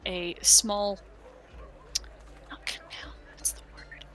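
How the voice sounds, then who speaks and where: A woman's voice: medium pitch, little pitch movement, slow pace, a bit bright, whispered. A woman narrating a tabletop game as game master, searching for words and hesitating often. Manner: hesitant, many fillers, laughing.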